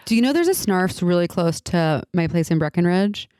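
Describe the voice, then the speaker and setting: A woman co-hosting a podcast, chatting casually and cutting in with quick jokes. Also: on the low side, lively intonation, dark tone, dry recording, studio quality. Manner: quick joking interjections. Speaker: podcast co-host. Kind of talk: casual chat.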